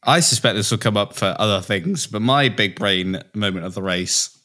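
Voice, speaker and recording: A man's voice: lowish voice, lively intonation, moderate pace, sharp tone. A man co-hosting a casual sports podcast, talking in a jokey, chatty way. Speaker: podcast co-host. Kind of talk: casual chat.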